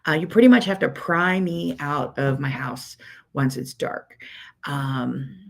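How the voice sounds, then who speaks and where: A woman with a Pittsburgh accent chats casually on her livestream. Her voice sits low with a gravelly edge. She rambles warmly through greetings, filling pauses with "um.". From Pittsburgh, USA. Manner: chatty, rambling, many "um"s, greets viewers by name. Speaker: quilting teacher hosting a weekly livestream.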